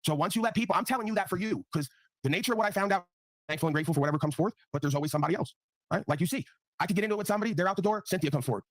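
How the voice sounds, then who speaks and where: Guy ranting on his stream panel super fast, swears a lot, keeps going "right?", dry sound. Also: high voice, expressive, fairly bright tone, no room sound. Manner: blunt, profane, repeats tag questions. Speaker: livestream panel host. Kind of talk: casual ranting talk.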